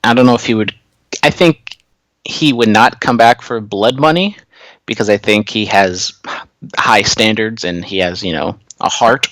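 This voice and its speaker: A man's voice: lowish voice, measured pace, a bit bright, dry recording, rough recording. A man co-hosting a casual wrestling podcast, talking loosely with lots of fillers and going off on tangents. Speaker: podcast co-host.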